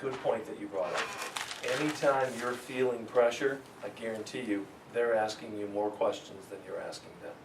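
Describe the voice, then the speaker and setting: A man teaching a real estate sales seminar to a live audience, energetic and joking, often laughing at his own stories. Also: on the low side, moderate pace, noisy background. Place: meeting room with a live audience. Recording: echoey room, mic far off.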